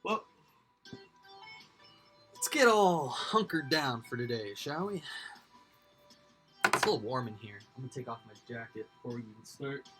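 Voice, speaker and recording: A man's voice: medium pitch, very animated, moderate pace, pauses often, music in the background. A man hosting a livestream, rambling casually to his chat, swearing freely. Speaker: livestream host. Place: indoors at home.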